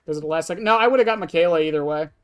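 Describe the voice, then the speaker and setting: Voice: mid-range voice, rapid-fire, clear, resonant tone, faint music behind. A streamer casually talking through a match of an online horror game and answering chat, blunt and offhand, swearing freely. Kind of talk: casual live-stream gameplay commentary.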